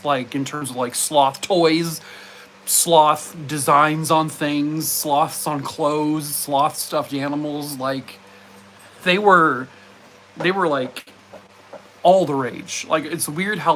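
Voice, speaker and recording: A live streamer talks loosely with his audience from home, filling his speech with fillers and pausing now and then to address his dogs. He has a fairly high, slightly bright voice, and there's a faint hiss or hum.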